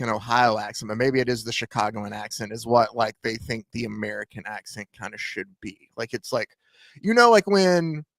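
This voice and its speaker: A man's voice: medium pitch, a bit bright, dry recording. Easygoing man, dry close sound. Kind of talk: casual chat.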